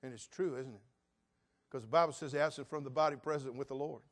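A man in his sixties preaching a sermon as pastor, telling Bible stories with lively acted-out voices. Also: medium pitch, fast. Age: 60s.

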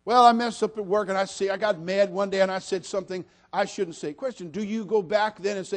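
Preacher, male, high-pitched, sermon delivery with humorous asides and loud appeals. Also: steady tone, a little fast, few pauses. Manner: swings from quiet asides to shouted appeals; humorous storytelling, repeats "listen to me".

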